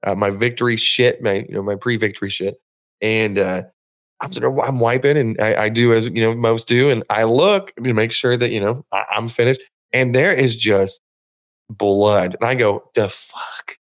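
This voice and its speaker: A man's voice: fairly low pitch, steady tone, moderate pace. A man telling a long crude story on a podcast, rambling and swearing, acting out other people's lines. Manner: rambling storyteller, profane, acts out voices. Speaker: podcast co-host. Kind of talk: casual crude chat.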